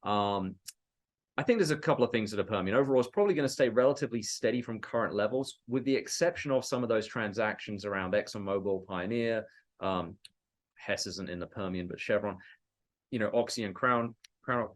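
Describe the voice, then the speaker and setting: A man co-presenting a business webinar as an industry analyst, talking conversationally with frequent fillers that trail off softly. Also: lowish voice, a little fast.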